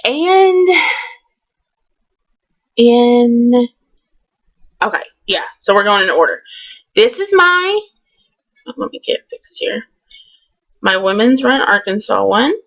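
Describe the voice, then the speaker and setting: A woman's voice: a little high, big pitch swings, slow pace, long pauses, fairly bright tone. Chatty woman vlogging, lo-fi. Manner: chatty and candid, with many ums. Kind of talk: casual storytime vlog.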